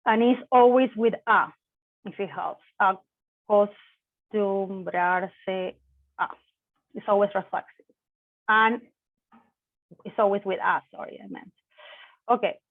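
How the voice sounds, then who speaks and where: Teaching an online language lesson, a native Spanish-speaking teacher explains things slowly, corrects herself along the way, and mixes in Spanish examples. Her pitch is medium. The line sounds tinny and phone-like, dry with no echo.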